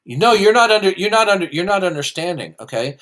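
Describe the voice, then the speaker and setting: A man's voice: sits high, sing-song, fast talker, a bit bright. A man hosting a heated call-in debate, condescending and combative, quizzing the caller. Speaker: host.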